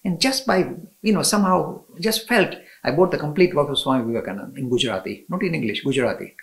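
Man, spiritual teacher, eager storytelling, gravelly voice, frequent laughs. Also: fairly high pitch, lively intonation, fast talker, a bit bright, rough recording. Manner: enthusiastic, laughs often, restarts sentences. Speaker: spiritual teacher and interview guest. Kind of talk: storytelling in a conversation.

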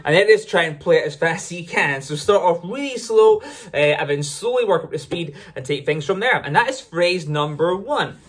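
Friendly ukulele tutor, casual lesson delivery, mid-range voice, loud ukulele in the mix. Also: medium pitch, lively intonation, moderate pace, loud music behind the voice. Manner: chatty, upbeat, often corrects itself mid-sentence. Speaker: ukulele teacher. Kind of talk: casual instructional explanation. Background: ukulele playing between phrases.

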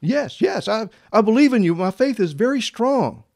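A preacher acting out a frantic man who clings to a cliffside bush and yells for help, in a raised, strained voice. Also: high voice, big pitch swings, normal speed, creaky, voice pushed up, exaggerated voice.

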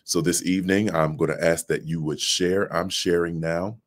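A pastor, late thirties, talks at a moderate pace in a low voice with a steady tone. Using his phone, he livestreams a devotional talk from an office, addressing the audience in a preacher's cadence.

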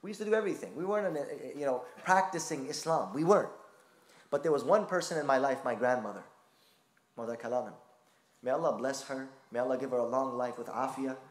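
A man's voice: medium pitch, fast, roomy sound. A man preaching a sermon, telling a personal story with passion. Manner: impassioned storytelling.

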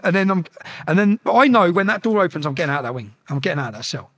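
A man telling a story as a podcast guest, animated and profane, acting out the shouted exchanges. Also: sits high, very fast, vocal fry.

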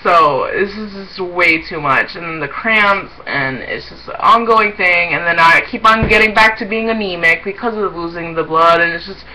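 A woman's voice: lowish voice, moderate pace, few pauses, pushed and bright, rough recording. A young woman chatting casually to her viewers in a rambling way, often breaking into giggles. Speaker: vlogger. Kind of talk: casual chat to camera.

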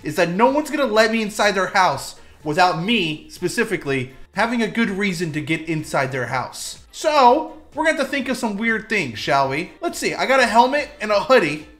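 A young man hosting a gameplay video, goofy and hyper, with sudden loud bursts and fast asides. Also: high voice, sing-song. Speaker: gaming video host. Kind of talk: gameplay commentary.

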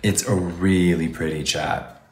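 A man livestreaming a casual makeup review gushes and exclaims, calling his viewers campy endearments like baby and honey. His voice sits low with a steady tone and measured pace, in a roomy space with background noise.

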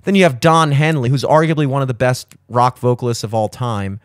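Man, 30s, podcast host, casual, profane, opinionated, rambling, mid pitch, dry close studio sound. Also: a little fast, dry recording. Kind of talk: casual chat.

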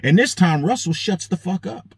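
Speaking at a normal clip with a breathy edge to his high voice, a male host spins a story as a foul-mouthed monologue. He gets animated, curses heavily, and voices each character's quoted lines. The recording is dry.

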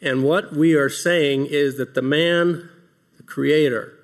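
A man's voice: fairly high pitch, steady tone, slow pace. A man giving opening remarks in an earnest devotional talk, asking rhetorical questions and reading scripture aloud. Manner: reads scripture passages aloud. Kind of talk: devotional talk to a large audience.

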